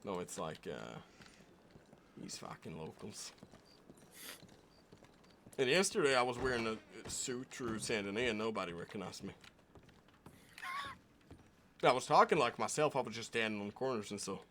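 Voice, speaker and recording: A man's voice: fairly low pitch, expressive, moderate pace, pauses often, a bit bright, a little hiss or hum. A man streaming a western roleplay game, chatting casually, laughing often and swearing freely. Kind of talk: casual chat while playing a roleplay game.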